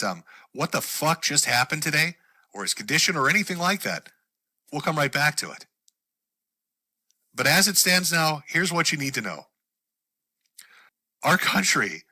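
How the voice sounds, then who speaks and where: A man ranting on his own show, his voice very bright and cutting with a slightly raised pitch. He swears freely and slips into mockery as he builds up steam. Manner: heated, sweary, mocking. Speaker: show host. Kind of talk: profane political rant monologue.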